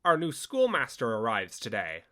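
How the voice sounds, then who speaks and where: A bossy village farmer from olden times, as a man puts him on, calling out in a rustic, booming way. The voice is bright and lively, bouncing up and down. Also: normal speed. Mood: smug. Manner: rustic, loud town-crier calls.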